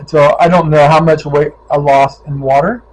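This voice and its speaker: A middle-aged touring cyclist from Ohio shares tales from his ride in a casual vlog, animatedly acting out the voices of people he met. His voice sits a little high and moves at a moderate pace, and the recording quality is low.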